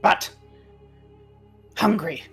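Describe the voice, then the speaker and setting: A man narrating as game master of a tabletop game in an easygoing, unhurried way. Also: soft background music.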